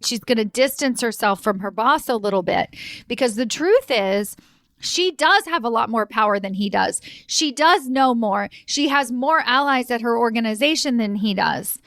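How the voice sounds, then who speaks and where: A woman's voice: lively intonation, normal speed, a bit bright, dry recording. A woman hosting a solo podcast as a career coach, chatty and emphatic, laughing and asking "right?" often and acting out quoted voices. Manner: acts out quoted voices with pitch jumps.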